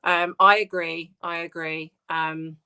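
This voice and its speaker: British woman, livestream host, bright voice, soft halting speech, many ums and restarts. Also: fairly low pitch, little pitch movement, smooth. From United Kingdom. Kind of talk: casual livestream chat reading viewer comments.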